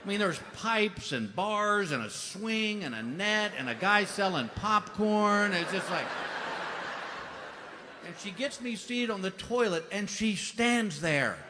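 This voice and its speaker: A middle-aged man telling stand-up comedy stories, animated and acting out voices with big outbursts. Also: sits high, slow, big-room sound. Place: comedy stage before a laughing audience. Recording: live show with clear audience noise.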